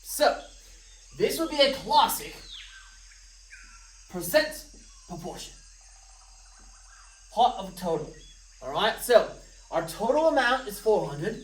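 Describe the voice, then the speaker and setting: A woman math teacher talks students through test problems with a playful, joking manner. Her voice sits at an ordinary pitch and lands a step away from the microphone. The room adds a noticeable echo around her. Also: sing-song, slow, pauses often, slight background noise. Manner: playful, jokey asides to students. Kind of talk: recorded math test review lesson. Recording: roomy, from a distance of the mic.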